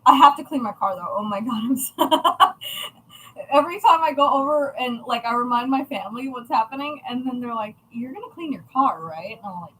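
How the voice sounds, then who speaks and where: A woman's voice: sits high, moderate pace, pushed and bright, a little hiss or hum, rough recording. A woman chatting casually on a livestream about her craft shop, chatty, profane and self-mocking.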